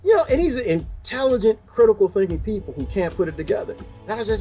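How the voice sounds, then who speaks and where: A man's voice: high-pitched, sing-song, fast, few pauses, mellow, faint music behind. A man hosting his own video, talking in a rambling, wry casual monologue and laughing often. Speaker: video host.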